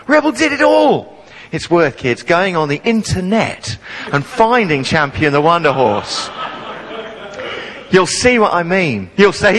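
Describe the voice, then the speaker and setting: A man's voice: sits high, very animated, normal speed, fairly bright tone, low-quality recording. A man in his forties preaching a sermon, telling stories playfully and with humour. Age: 40s. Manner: humorous storytelling, playful.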